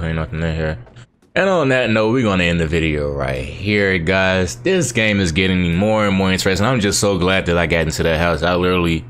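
A man hosting his gaming channel, chatting casually over his gameplay with relaxed, slangy banter and talking back at the game. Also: sits low, clean tone.

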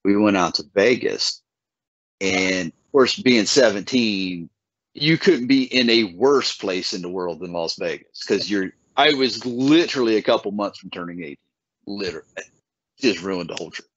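A man telling a folksy story in casual chat, his voice leaping high whenever he quotes people. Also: expressive, normal speed, fairly bright tone, dry recording. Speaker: podcast guest. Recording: dull lo-fi sound.

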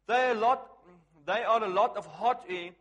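A man preaching a lively sermon, asking the crowd questions and swinging from hushed to loud. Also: high voice, moderate pace, big-room sound.

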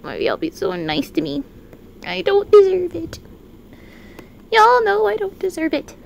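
A woman streaming a game, chatting casually and reacting with excited exclamations and swearing. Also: very high-pitched, a little slow, gravelly. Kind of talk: casual live-stream chat.

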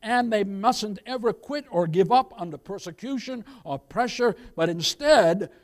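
A man, a pastor, preaching a sermon with emphatic rises and quick asides. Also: high voice, animated.

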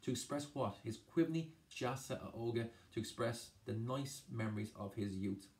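A man's voice: mid-range voice, normal speed, a little mellow. Man explaining a poem, repeating himself. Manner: explains by translating each phrase, repeating himself. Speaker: Irish language tutor. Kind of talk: exam revision lesson.

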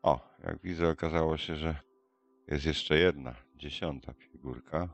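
Gameplay host, man, very deep, gravelly, dry close sound, muses aloud as he plays. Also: normal speed, no echo, faint music behind. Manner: thinking aloud, reading out codes. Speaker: gameplay commentator. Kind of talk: casual game commentary.

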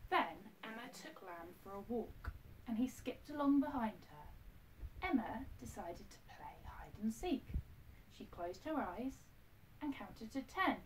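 A woman teacher reads a picture book aloud to her class, gentle and expressive, with small asides to the children. She films herself at home, and the camera sits a little far off, with a faint noise underneath. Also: on the high side, takes it slowly. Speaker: primary school teacher. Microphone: self-filmed camera. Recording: distant mic, faint background noise.

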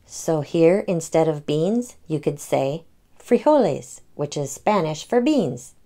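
Storytime mom in her 30s, gentle, explains as she reads, lowish voice. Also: expressive, takes it slowly. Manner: gentle, explaining to young children. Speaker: storytime reader and parent. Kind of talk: children's read-aloud.

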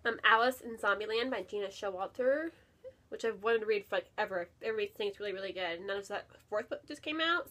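A woman book vlogger with a somewhat high, slightly bright voice talks casually at home by her bookshelf. She's chatty and enthusiastic, using many fillers and saying "really" over and over.

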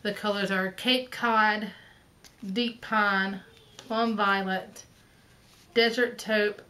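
A woman's voice: medium pitch, fairly even intonation, slow, sharp tone, poor audio. A woman in her thirties with a Southern accent, hosting a casual vlog in a chatty, rambling way with lots of ums and asides. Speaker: flosstube host.

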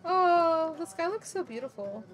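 A woman streaming a video game, chatting excitably, laughing often and swearing casually. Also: very high voice, a little slow, faint music behind. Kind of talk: casual gameplay commentary.

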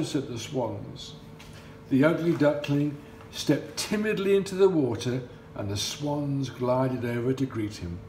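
A man reading a bedtime story slowly, his pitch a little high and swooping widely as he gives the tale its feeling. The room around him is echoey, with a faint hiss underneath. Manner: expressive, playful read-aloud swoops.

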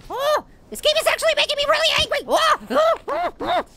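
A man voicing a tiny, excitable male cartoon apple who gives gameplay commentary and gets riled up at his opponent. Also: a little fast, creaky, a little hiss or hum, exaggerated voice. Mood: excited. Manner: squeaky, easily riled, shouting at opponent. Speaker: let's play gamer.

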